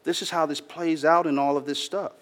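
A man's voice: fairly high pitch, fairly even intonation, a little fast, fairly bright tone. A man preaching a sermon in a casual, slangy, earnest storytelling way, addressing his church. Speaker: pastor. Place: church hall. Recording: long hall reverb.

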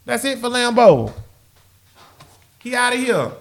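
A man's voice: very high-pitched, sing-song, a little slow, creaky, fairly bright tone. A young man giving casual fan commentary, repeating phrases and talking straight to his viewers.

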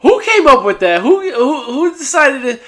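Bright-voiced podcast co-host. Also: sits high, big pitch swings, normal speed. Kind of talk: casual chat.

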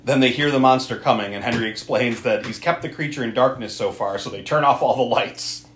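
A man's voice: medium pitch, brisk, a bit bright, reverberant, slight background noise. A man recapping an old film in casual talk, laughing often, swearing, and acting out the characters. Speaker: podcast host.

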